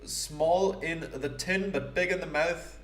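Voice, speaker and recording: A man voicing a cocky female Scottish jewel thief in a broad, exaggerated Scottish accent, gruff and slangy. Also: deep voice, slow. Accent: Scottish, parodied. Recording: roomy echo.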